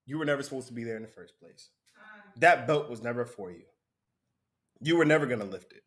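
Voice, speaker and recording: A man's voice: mid-range voice, expressive, a little fast, a bit bright. A man preaching a conversational sermon, often breaking into laughter between points.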